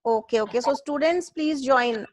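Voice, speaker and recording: A woman's voice: high voice, normal speed, dry recording, clean studio sound. A woman with an Indian English accent coordinating an online class, polite and saying ma'am often. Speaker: co-teacher. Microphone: video call.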